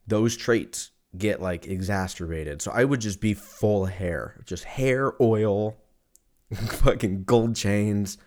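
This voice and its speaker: A man with a somewhat low voice talks through a loose comedic podcast monologue. He is crude and profane, wanders off topic, and mocks himself as he goes. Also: takes it slowly, a little mellow. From Armenian and German heritage. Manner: rambling, profane, self-mocking.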